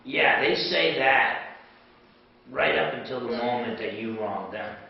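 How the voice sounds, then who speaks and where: A middle-aged man teaching a class, telling stories with acted-out dialogue in an animated way. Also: medium pitch, unhurried, creaky. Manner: animated storytelling, acts out dialogue. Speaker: apologetics lecturer. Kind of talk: classroom lecture with anecdotes. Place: lecture hall. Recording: echoey hall, far from mic, dull lo-fi.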